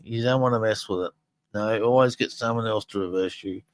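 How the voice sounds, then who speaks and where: A man's voice: fairly low pitch, a little fast, no echo, rough recording. A man hosting a live podcast, talking casually and rambling with many fillers and restarts. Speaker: podcast host.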